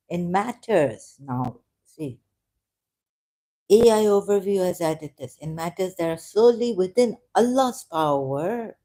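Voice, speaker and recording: A woman's voice: mid-range voice, dark tone. A woman giving casual, sarcastic commentary while reading aloud from a screen. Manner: sarcastic, mocking. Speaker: video creator.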